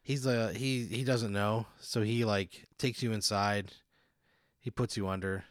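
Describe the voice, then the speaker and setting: Low-voiced man spinning a hypothetical. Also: steady tone, measured pace, no room sound, clean studio sound. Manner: laid-back, chuckling, vivid scene-setting. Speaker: podcast host narrating a hypothetical. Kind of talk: casual improvised storytelling.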